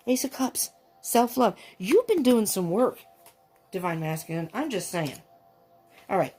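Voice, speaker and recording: Excitable woman reading tarot cards. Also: mid-range voice. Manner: gushing, excitable, restarts and exclamations. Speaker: tarot reader.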